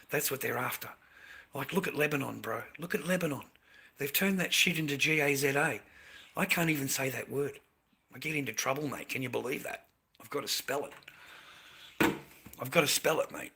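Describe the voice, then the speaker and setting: A man's voice: medium pitch, fairly quick, bright, forceful tone. A man with an Australian accent in a casual vlog monologue, ranting bluntly and profanely, repeating himself and calling the listener "mate". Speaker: vlogger. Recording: noisy background.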